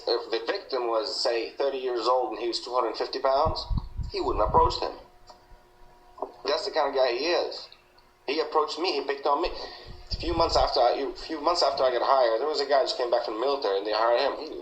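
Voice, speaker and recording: A man's voice: medium pitch, a little fast, fairly bright tone. A man from Malaysia giving an earnest, emphatic account in a recorded interview, often repeating and restarting his words. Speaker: interviewee, former coworker. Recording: echoey room recording with faint noise.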